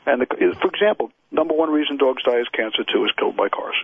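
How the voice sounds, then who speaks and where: A man's voice: medium pitch, expressive, fast talker, no room sound. Emphatic man on a tinny radio line. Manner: emphatic, repeats points, acts out owners' excuses. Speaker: dog trainer and expert witness. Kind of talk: radio interview guest. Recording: dry, husky, phone-like radio line.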